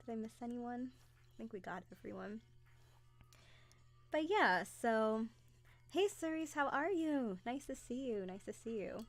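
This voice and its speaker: A young adult woman hosting a casual live stream, chatty and excitable, greeting viewers by name as she talks. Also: fairly high pitch, unhurried, pauses often, no room sound.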